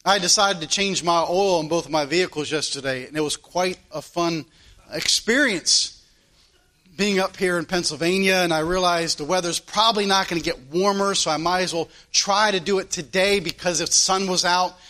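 A man's voice: high-pitched, normal speed, pushed and bright. A male preacher delivering a sermon in an earnest manner, weaving in a personal story and asking his listeners rhetorical questions.

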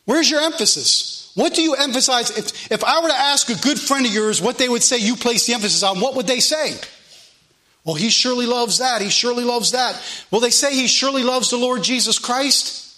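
A man preaching as pastor, loud and animated, repeating his phrases. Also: extremely high pitch, fairly quick. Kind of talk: sermon.

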